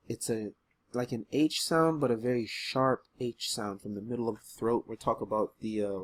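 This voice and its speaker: Man, Arabic reading teacher, casual and chatty, many ums, loud emphatic letter sounds. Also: medium pitch. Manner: relaxed and chatty, with frequent ums. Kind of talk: beginner Arabic lesson video.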